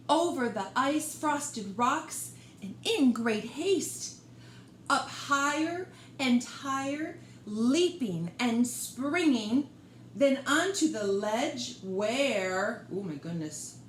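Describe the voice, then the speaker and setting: A woman librarian reading a picture book aloud for storytime, expressive and gentle, talking directly to young listeners. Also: sits high, takes it slowly, slight background noise. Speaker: children's librarian. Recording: roomy room echo.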